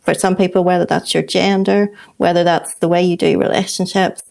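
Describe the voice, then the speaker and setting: A woman's voice: on the low side, level tone, a little fast, creaky. A woman co-hosting a podcast in casual, heartfelt conversation, reflective and affirming, often restarting as she searches for words. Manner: warmly affirming. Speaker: podcast co-host.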